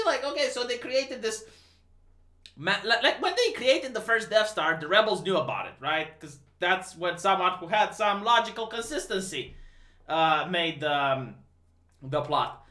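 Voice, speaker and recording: Animated, incredulous man ranting profanely. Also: high-pitched, a little slow. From Romania. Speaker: livestream host. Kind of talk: casual movie rant. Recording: roomy echo.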